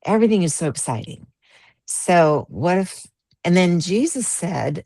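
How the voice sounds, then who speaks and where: A woman's voice: on the low side, big pitch swings, unhurried, mellow, dry recording. A woman in a casual spiritual group discussion, reflective and meandering, laughing easily, on a video call.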